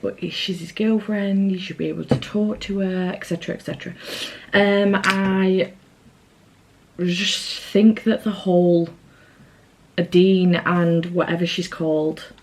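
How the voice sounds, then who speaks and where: A woman's voice: on the low side, a little mellow, slight background noise, poor audio. A woman chatting casually to camera in a rambling vlog. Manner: chatty, rambling, self-correcting. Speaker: vlogger.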